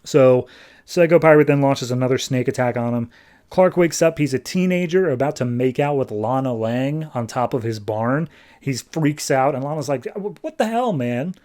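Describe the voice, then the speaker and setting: A man hosting a podcast, recapping a comic in a loose, conversational way. His voice sits at an ordinary middle pitch. He sounds chatty and relaxed throughout. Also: moderate pace. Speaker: podcast host. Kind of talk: casual comic book recap.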